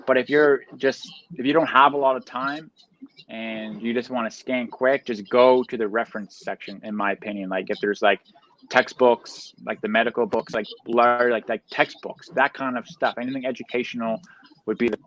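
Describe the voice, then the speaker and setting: Stream guest, male, from Canada, slangy and energetic, dull call sound with faint hiss. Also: mid-range voice, moderate pace. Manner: energetic, loose slangy talk, many fillers. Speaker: guest, reseller. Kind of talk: casual interview chat.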